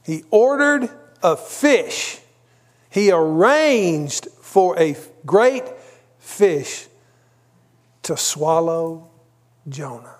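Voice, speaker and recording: A man's voice: on the high side, expressive, drawn-out words, pauses often. A man preaching a sermon, telling a story conversationally with asides. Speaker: pastor.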